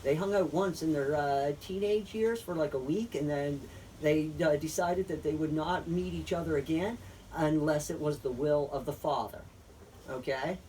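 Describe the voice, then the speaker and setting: A man's voice: on the high side, moderate pace, darkish tone, slight background noise. A man casually retelling a story in a faith chat, rambling with fillers and swearing. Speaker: friend in a faith discussion. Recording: distant mic.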